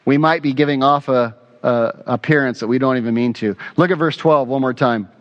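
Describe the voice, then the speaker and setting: A man's voice: mid-range voice, a little fast, lo-fi sound. Earnest male pastor preaching. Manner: earnest, emphatic preaching with repeated phrases. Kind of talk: sermon.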